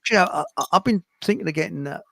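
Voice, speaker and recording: A middle-aged man, hosting a casual livestream chat, blunt and grumbling with quick asides. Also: sits high, lively intonation, creaky, fairly bright tone, a little hiss or hum. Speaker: host.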